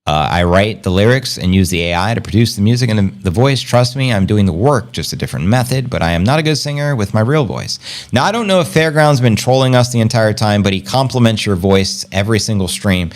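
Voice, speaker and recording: A man's voice: fairly low pitch, lively intonation, a little fast. Chatty man hosting a crypto livestream. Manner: rambling, upbeat, slangy, shout-outs to viewers. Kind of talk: casual livestream chat reading viewer comments.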